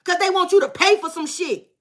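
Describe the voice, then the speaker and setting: A woman's voice: very high voice, fairly quick. A woman tarot reader on a livestream, effusively thanking and blessing viewers and bluntly cursing out trolls.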